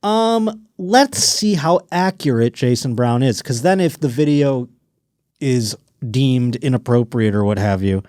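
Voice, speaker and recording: A man's voice: mid-range voice, animated, measured pace, a little mellow, dry recording, clean studio sound. Rambling comedic podcast host, man. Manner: rambling, riffing storyteller.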